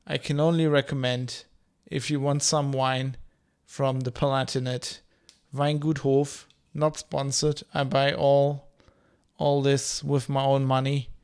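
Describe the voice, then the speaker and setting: A man in his thirties from Germany with a mixed, slightly German English accent, chatting loosely while streaming a game and reading chat aloud, with a slight rasp. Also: mid-range voice, level tone, slow pace, darkish tone. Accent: German-tinged mixed English. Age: 30s. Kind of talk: casual game commentary.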